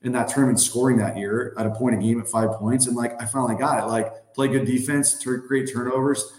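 A man's voice: medium pitch, steady tone, fairly quick, a little mellow. A man in his thirties, a podcast guest, telling casual stories that ramble and lean heavily on fillers like "like" and "you know". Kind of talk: casual storytelling. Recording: roomy echoey sound.

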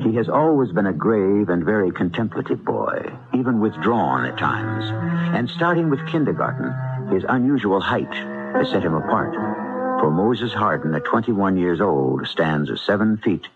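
A very deep-voiced male narrator tells the story in a measured, grave way, with plenty of rise and fall. Loud music plays under him, and the narrow, phone-like sound suggests an old broadcast. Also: very animated. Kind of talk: scripted dramatic narration.

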